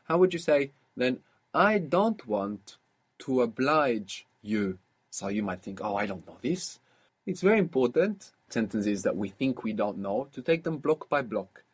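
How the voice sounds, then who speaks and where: A man's voice: mid-range voice, expressive, moderate pace, darkish tone, slightly rough. A man teaching a language lesson, patiently prompting and explaining.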